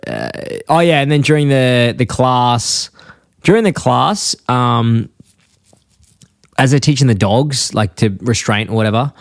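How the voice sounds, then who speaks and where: A man co-hosting a podcast in a casual chat, rambling and acting out characters' lines in a high voice. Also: unhurried, gravelly, no room sound, studio quality. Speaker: podcast co-host.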